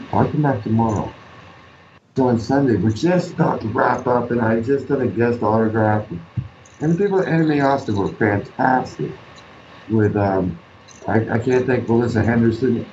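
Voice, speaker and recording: A man's voice: fairly low pitch, noisy background. Earnest rambling man in a roomy space. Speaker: artist guest. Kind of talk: casual interview talk. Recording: roomy, dull lo-fi sound.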